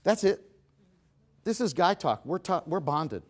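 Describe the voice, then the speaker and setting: A middle-aged man giving a humorous seminar talk to a live audience, animated and joking, speaking straight to the crowd. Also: high voice, unhurried. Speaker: motivational speaker.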